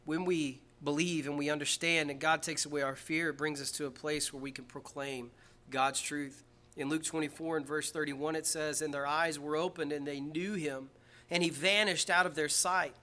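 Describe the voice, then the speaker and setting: A man preaching an Easter-style sermon in a bright, forceful voice pitched a little high. He moves from quiet earnest stretches to loud, emphatic climaxes, reading scripture aloud along the way. Recorded in a church. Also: steady tone, moderate pace. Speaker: pastor.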